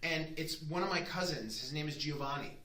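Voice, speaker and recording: Animated storytelling man, bright voice. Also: a little high, brisk. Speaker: chef and guest. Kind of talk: casual chat. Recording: echoey room with faint noise.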